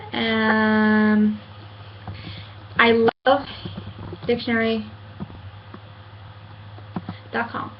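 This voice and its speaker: A woman in her late twenties vents to her webcam at home, earnest and halting, restarting her sentences and filling pauses with "um". Her voice sits a little high. The audio is muffled and lo-fi, with a faint hiss underneath. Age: 20s. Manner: hesitant, many fillers and restarts, earnest. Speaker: vlogger. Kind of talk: casual rant to camera.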